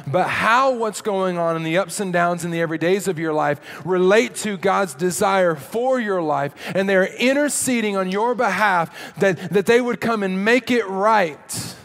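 A male pastor delivers a sermon in a conversational way, often doubling back on his words. His voice sits high for a man. It rings out with a long reverb, like it's filling a large hall. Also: unhurried, few pauses, a bit bright. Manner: conversational preaching with repetitions and restarts.

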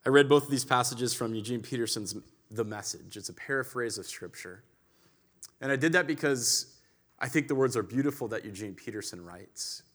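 A male pastor delivering a sermon in a conversational, storytelling way, with emphatic swells and quiet drops. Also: mid-range voice.

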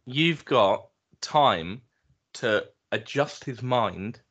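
A man's voice: medium pitch, lively intonation, very slow, a bit bright, dull audio. A man co-hosting a podcast, chatting casually with a dry, teasing wit. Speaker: podcast co-host. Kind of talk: casual chat.

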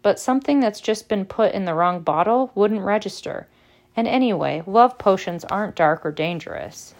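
A woman's voice: medium pitch, expressive, darkish tone, close to an everyday voice. Woman voicing a scornful clever schoolgirl. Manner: scornful, brisk. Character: clever teenage schoolgirl witch, brisk and know-it-all.

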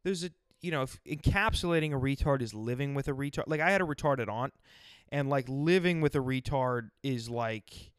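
A man's voice: mid-range voice, fairly quick, clean tone, no room sound, studio quality. A man hosting a casual, profane chat and telling stories with a lot of animation. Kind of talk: casual crude banter.

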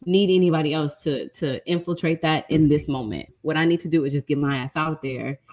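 Low-voiced, strong-willed woman comic. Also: brisk, a little mellow, a little hiss or hum. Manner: strong-willed, blunt, earnest. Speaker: stand-up comedian. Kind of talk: casual chat.

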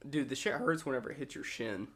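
Casual young man, mid-pitched voice. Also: fairly bright tone. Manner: loose, profane storytelling, quick reactions. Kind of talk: casual chat.

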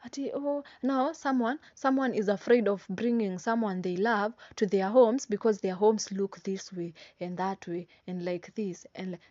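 A woman's voice: mid-range voice, normal speed, few pauses, darkish tone, dry recording. A young Kenyan woman talks straight to her audience in a casual motivational vlog, pressing her points by repeating them and tossing in tag questions. Her voice sits in a middle register. The recording is dry and a little dull. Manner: emphatic, repeats phrases, mixes slang and tag questions. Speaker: vlogger. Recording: dry, slightly dull sound.

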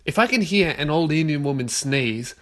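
A man in his twenties with an Australian accent hosts a solo podcast from his own bedroom. His voice sits a bit higher than most men's, and he swears constantly. He rants in loud, fired-up bursts. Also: lively intonation, moderate pace. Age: 20s. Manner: profane, ranting, loud outbursts. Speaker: podcast host. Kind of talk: casual solo podcast rant.

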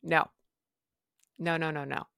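A woman's voice: low-pitched, flat delivery, takes it slowly, vocal fry, fairly bright tone, smooth, dry recording, studio quality. A woman hosting a podcast, telling a personal story frankly with wry humor and casual swearing. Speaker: podcast host.

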